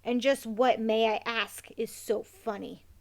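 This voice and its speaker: A woman's voice: on the high side, fairly even intonation, a little slow, vocal fry. Woman voicing a pompous, fussy talking rat. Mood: haughty. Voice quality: prim, sarcastic, haughty.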